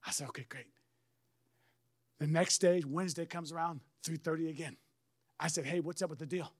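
A middle-aged man, a pastor, telling a story in a sermon with lively swings and bursts of shouted praise. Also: a little high, brisk. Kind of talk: sermon testimony.

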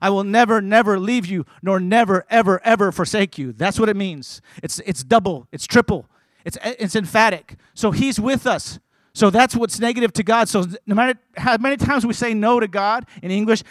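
A man preaching a sermon at a church service, swinging between shouted, rhythmic lists and quiet, conversational asides. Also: high-pitched, a little fast, few pauses, dry recording. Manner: repetitive, rhythmic phrasing. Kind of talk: sermon to a congregation.

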